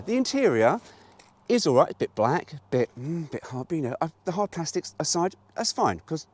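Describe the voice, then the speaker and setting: A British man chats through a car review from behind the wheel, rambling and frank, with plenty of swearing. His pitch rises and falls a lot as he talks. He is recorded on a GoPro inside a moving car. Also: very animated, normal speed. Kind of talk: casual driving vlog. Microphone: GoPro camera.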